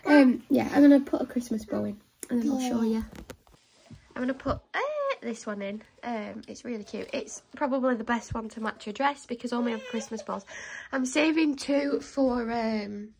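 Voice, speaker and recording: A woman's voice: fairly high pitch, normal speed, creaky, a little mellow, slightly rough, rough recording. Chatty young woman vlogging. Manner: chatty, rambling, many fillers. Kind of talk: casual home vlog chat. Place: home, indoors.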